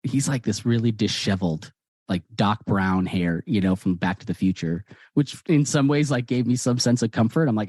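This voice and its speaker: A man, a guest author, telling personal stories in a lively conversational way and acting out the dialogue. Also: lowish voice, normal speed, dry recording, studio quality. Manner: animated, acts out quoted dialogue. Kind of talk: conversational storytelling.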